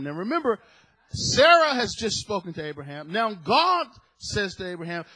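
A man's voice: high-pitched, very animated, normal speed, sharp tone, breathy edge, dry recording, low-quality recording. A male pastor preaching a sermon emphatically, often chuckling and putting questions to the congregation.

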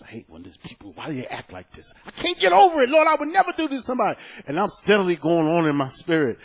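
A man with a husky, slightly high voice preaches conversationally, as if chatting with his congregation, weaving personal stories between Bible verses. His delivery swings from quiet, low asides to loud, raised points.

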